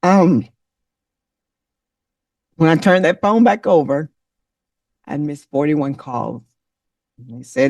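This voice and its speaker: A woman delivers a motivational talk with a preacher's fervor, speaking straight to her listeners and naming them one by one. Her voice carries a gravelly edge. She sits back from the mic in a dry, deadened space. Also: low voice, expressive, takes it slowly, long pauses, darkish tone, dry recording, recorded from a distance. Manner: emotional, preacher-like, calls on listeners by name.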